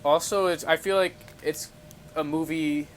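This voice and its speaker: A man's voice: a little high, steady tone, unhurried, a little hiss or hum. A young adult man co-hosting a podcast, talking about films in an easygoing, agreeable way. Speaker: podcast co-host. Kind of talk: casual film-review chat.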